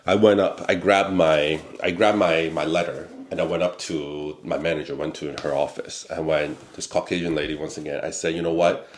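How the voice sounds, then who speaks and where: A man hosting a talk show, telling a personal work story in a blunt, animated way, often tagging "okay?" onto his points. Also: very deep voice, moderate pace, hardly any pauses, roomy sound. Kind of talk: casual storytelling monologue.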